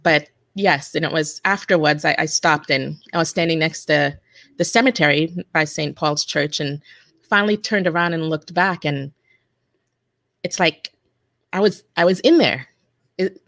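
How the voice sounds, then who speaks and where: A woman in her forties, a guest telling a personal story in an earnest, halting way with many restarts. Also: deep voice, expressive, creaky, fairly bright tone, no room sound, studio quality. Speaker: interview guest. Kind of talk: personal testimony in conversation.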